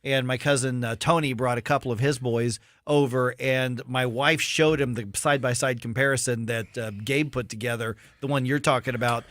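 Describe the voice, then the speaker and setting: Bright-voiced St. Louis morning radio host. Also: male voice, mid-range voice, fairly even intonation, moderate pace, hardly any pauses, no room sound. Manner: chatty, with fillers and laughs. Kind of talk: casual morning radio chat. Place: radio studio.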